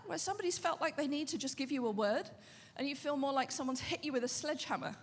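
A woman pastor preaching a sermon in a conversational, animated way, often asking the audience questions. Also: sits high, fast, big-room sound.

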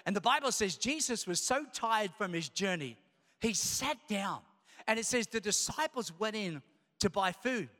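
A pastor preaching an energetic sermon, calling out to his congregation as he goes. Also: high-pitched, measured pace. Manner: animated, calls out to the congregation. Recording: long reverb of a large hall.

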